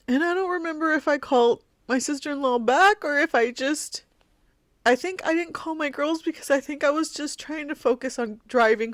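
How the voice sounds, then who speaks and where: Middle-aged woman recounting, halting and heartfelt. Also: medium pitch, dry recording, studio quality. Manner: halting, heartfelt recounting with many fillers and restarts. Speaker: podcast host. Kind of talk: personal storytelling monologue.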